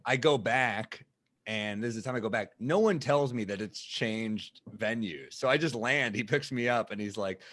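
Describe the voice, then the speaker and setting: Animated male comedian telling stories. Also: normal speed. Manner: animated storyteller, acts out quoted people with loud high bursts. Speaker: podcast co-host, comedian. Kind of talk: casual chat, storytelling.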